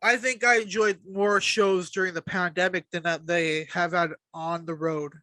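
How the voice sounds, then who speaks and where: High, bright-voiced ranting podcast host. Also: male voice, fairly even intonation, normal speed, no echo. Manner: profane, heated ranting. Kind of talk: casual wrestling chat.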